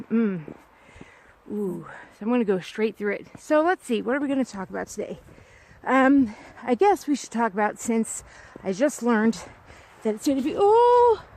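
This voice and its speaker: A woman's voice: fairly high pitch, a little mellow. A young woman chatting casually to her camera as she walks a snowy trail outdoors, rambling and self-deprecating. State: upset, close to tears. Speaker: vlogger. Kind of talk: casual vlog while walking a trail.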